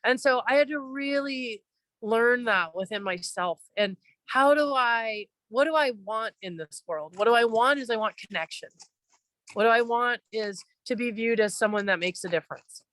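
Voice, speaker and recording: A woman's voice: a little high, no echo, poor audio. A woman equine-assisted coach, telling stories in a heartfelt, emotional way during a live online talk. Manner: emotional, storytelling, animated.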